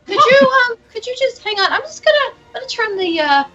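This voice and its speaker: A woman's voice: extremely high pitch, big pitch swings, a little fast, sharp tone, lo-fi sound, soft background music, voice pushed up, heavily acted. A woman voicing a flustered, chatty female office clerk who stumbles through fillers in a tabletop game. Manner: hesitant, filler-laden.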